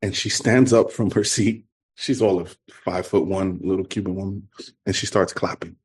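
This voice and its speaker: A middle-aged man from New York with a New York accent, telling his recovery story to a meeting in an earnest, halting way. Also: low-pitched, steady tone, a little mellow. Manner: earnest, halting, repeats himself. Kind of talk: personal testimony talk.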